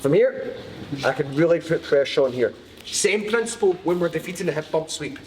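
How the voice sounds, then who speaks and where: A man's voice: on the high side, animated, brisk, a little mellow, long reverb tail, slight background noise. A man from Glasgow with a broad Glaswegian Scottish accent, teaching a live martial arts class in a jokey, cheeky way and swearing freely. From Glasgow, Scotland. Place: training mat with a class around him.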